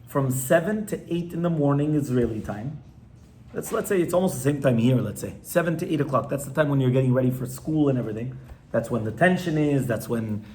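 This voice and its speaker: A man's voice: mid-range voice, animated, fairly quick, darkish tone. A man, a rabbi, teaching an informal class to a live audience in a conversational way, often stopping to ask his listeners questions.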